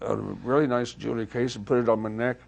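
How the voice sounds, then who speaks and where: An older man telling anecdotes in a casual interview, lively and acting out the dialogue he remembers. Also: medium pitch, very fast, vocal fry, dull audio. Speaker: interview guest, former touring guitarist.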